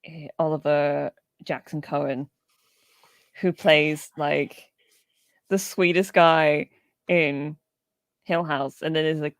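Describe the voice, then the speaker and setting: A woman's voice: low-pitched, fairly even intonation, slow, long pauses, dry recording. A woman co-hosting a podcast, chatting casually and rambling about films, laughing often and swearing now and then. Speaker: podcast co-host.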